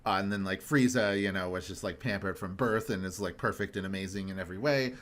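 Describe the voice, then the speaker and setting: Animated ranting male podcast host. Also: sits low, quick pace. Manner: animated ranting, swears for emphasis. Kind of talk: casual podcast chat.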